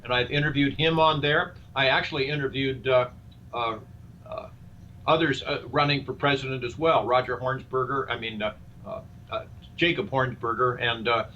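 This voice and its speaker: A man's voice: mid-range voice, fairly even intonation, normal speed, bright, forceful tone. An older man speaking earnestly as a guest in a live interview, asking rhetorical questions like a speech. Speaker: guest, presidential candidate. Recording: dull lo-fi sound with faint noise.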